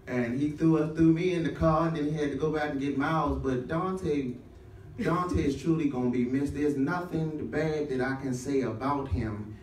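A man's voice: a little high, moderate pace, darkish tone. A man paying tribute to a relative at a funeral service, rising into fervent, preacher-like exhortation. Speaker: family member giving a funeral tribute. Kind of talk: emotional funeral tribute with church call-and-response. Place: large room at a funeral service. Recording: echoey room, voice heard from a distance, faint noise.

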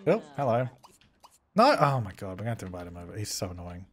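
A man hosting a gaming video, giving excitable let's play commentary, fretting aloud and talking at the characters on screen. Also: medium pitch, fast. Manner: excitable, frets aloud and talks at the game characters.

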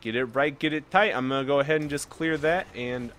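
A young man giving casual gameplay commentary, chatting calmly one moment and yelling at the game the next. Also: mid-range voice, fairly quick, a little hiss or hum. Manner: excitable, swings from calm chatter to yelling at the game.

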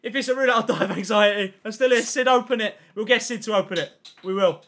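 Excitable high-voiced young streamer. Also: male voice, quick pace. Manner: chatty, excitable, reacts loudly to pack openings; thanks chat constantly, slangy. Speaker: livestreamer. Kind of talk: casual gaming livestream chat.

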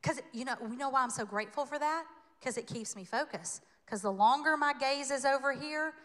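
A woman from the American South preaching a sermon in a church, conversational and animated, with playful asides. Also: high voice, fairly quick. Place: church sanctuary. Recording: long hall reverb.

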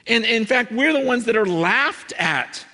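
Man preaching with a bright voice in a reverberant hall. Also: very high-pitched, measured pace. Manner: animated, acts out quoted voices, many fillers and restarts. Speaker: pastor. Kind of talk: sermon with storytelling.

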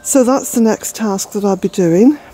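A woman's voice: medium pitch, moderate pace, mellow, soft background music, poor audio. An older woman from Ireland, a vlogger chatting outdoors in her garden, out of breath and rambling with fillers. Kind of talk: casual walk-and-talk narration.

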